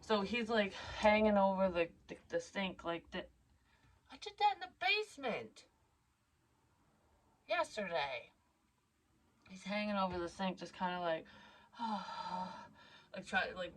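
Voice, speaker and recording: Candid swearing woman vlogger, low voice. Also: animated, unhurried, pauses often, fairly bright tone, low-quality recording. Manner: candid, rambling, swears freely. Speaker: psychic medium vlogger. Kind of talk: casual storytelling monologue.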